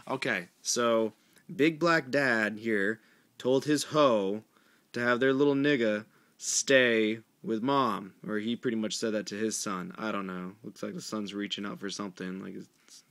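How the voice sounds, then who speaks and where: Mocking male vlogger, lowish bright voice, crude sarcastic read-aloud commentary. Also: unhurried.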